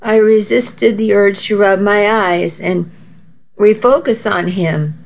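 Unhurried woman narrating an audiobook. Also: medium pitch, steady tone, creaky, dull audio. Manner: wry, self-mocking. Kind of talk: first-person audiobook narration.

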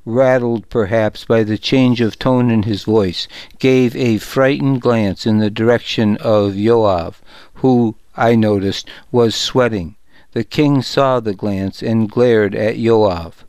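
Male audiobook narrator, slow, smooth, dry studio sound. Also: lowish voice, dry recording. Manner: calm, measured storytelling.

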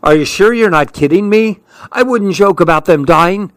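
This is a bossy, sharp-tongued older sister, a young girl who snaps insults and turns frantic, as a male storyteller puts her on. Her voice sits noticeably higher than his own. The recording is close and dry. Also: lively intonation, moderate pace, no echo. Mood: tearful. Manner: snapping, then tearful and frantic.

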